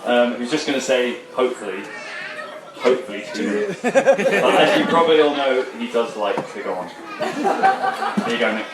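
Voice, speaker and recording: A man's voice: mid-range voice, wildly swooping pitch, normal speed, pauses often, a loud crowd. Joking man emceeing a noisy party. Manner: hesitant, joking. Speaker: event emcee. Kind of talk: announcing to a crowd. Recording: echoey hall, distant mic.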